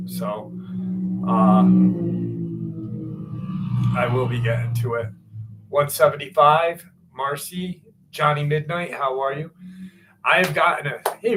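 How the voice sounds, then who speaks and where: A man's voice: mid-range voice, noisy background. A man hosting a live stream, chatting casually and greeting viewers one by one in a laid-back way.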